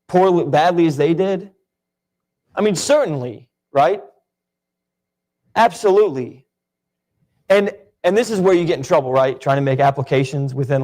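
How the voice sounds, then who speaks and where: A young man leads a Bible class in an easygoing, conversational tone. His voice sits a little high for a man. He keeps turning to his listeners with questions. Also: a little mellow. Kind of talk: casual Bible class teaching.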